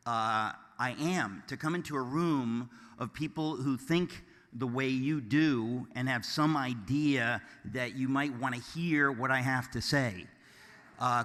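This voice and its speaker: Bright-voiced man joking to a hall. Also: mid-range voice. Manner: deadpan mock-offensive jokes, then earnest and rambling. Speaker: keynote speaker. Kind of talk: joking, loose speech to a live audience. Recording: long hall reverb.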